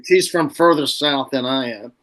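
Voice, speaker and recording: A man hosting a casual podcast chat, teasing his friend and pausing on drawn-out fillers. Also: mid-range voice, fairly bright tone. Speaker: podcast host.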